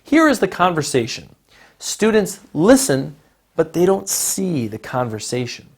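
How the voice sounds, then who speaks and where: Guy teaching english intonation, slow careful delivery, voice swoops up and down a lot. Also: a little high, big pitch swings, vocal fry, slightly rough. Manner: slow, deliberate, models intonation. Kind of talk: recorded lesson narration.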